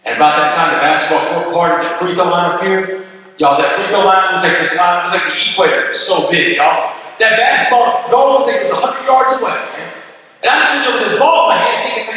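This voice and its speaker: A high, bright-voiced man from Texas gives an animated motivational speech, calling the crowd "y'all" and "man" as he tells his story. He stands well back from the microphone. The sound rings through a big hall with a long reverb. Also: brisk. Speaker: motivational speaker. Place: school gym or auditorium. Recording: echoey hall from far off.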